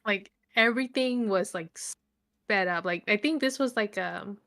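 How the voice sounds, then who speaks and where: A woman's voice: medium pitch, a little slow. Chatty young woman reviewing books. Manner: chatty, lots of fillers, animated retelling. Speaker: book reviewer. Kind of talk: casual chat.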